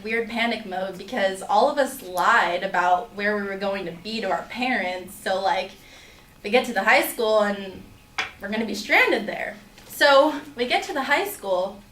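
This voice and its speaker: A woman's voice: medium pitch, a bit bright. A young woman telling a personal story to an audience in a chatty way, full of filler words. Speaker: student storyteller. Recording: roomy, distant mic, faint hum.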